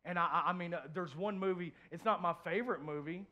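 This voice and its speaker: A pastor preaching a heartfelt sermon in church, sharing a personal story, repeating phrases and swinging from soft to loud. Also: male voice, high voice, fast, dull audio. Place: church, before a congregation.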